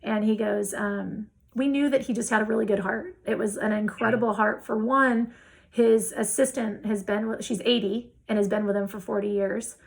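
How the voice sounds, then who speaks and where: A woman telling a business story in a casual interview, acting out the quoted dialogue with lively shifts of voice. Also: medium pitch, normal speed, gravelly, poor audio. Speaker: real estate investor guest.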